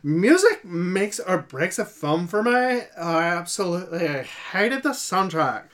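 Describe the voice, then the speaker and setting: A man's voice: sits high, huge pitch swings, moderate pace. A man putting on a raised, emphatic valley-girl voice to read a young woman's film review. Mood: gushing. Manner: raised, emphatic comic impression.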